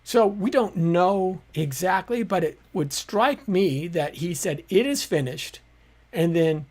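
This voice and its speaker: A man hosts a live-streamed teaching talk and explains his points patiently. He speaks conversationally and often pauses on small fillers. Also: high voice, lively intonation, a little mellow. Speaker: apologetics teacher hosting a live show.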